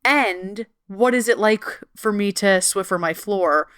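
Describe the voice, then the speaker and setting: A woman's voice: mid-range voice, a little slow, fairly bright tone, clear, resonant tone, no echo, studio quality. Gushing, "like"-heavy woman podcast host. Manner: enthusiastic, lots of "like" and swearing, frequent backchannel agreement. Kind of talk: casual conversational interview.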